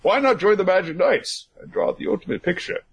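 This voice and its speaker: Guy doing a formal devoted butler, earnest speeches, pretty husky, swoops around a lot. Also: high voice, lively intonation, brisk, pitched above the performer's own voice, exaggerated voice. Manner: formal, earnest speeches to his young master. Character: devoted formal male butler to a young noble.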